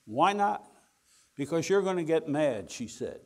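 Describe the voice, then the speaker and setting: An older man telling a wry, animated anecdote to an audience, acting out the dialogue as he goes. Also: a little high, a little slow. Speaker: speaker telling a story to an audience. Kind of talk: anecdotal storytelling talk.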